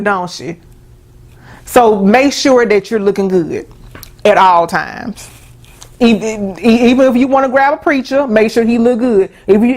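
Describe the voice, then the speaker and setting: A woman hosting a casual advice talk, emphatic and folksy, often stumbling over restarts. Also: fairly high pitch. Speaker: host.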